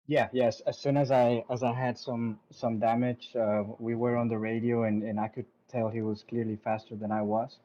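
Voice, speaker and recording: A racing driver, a man, answering post-race questions in a modest, halting way over dull lo-fi call audio. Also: mid-range voice, flat delivery, warm tone.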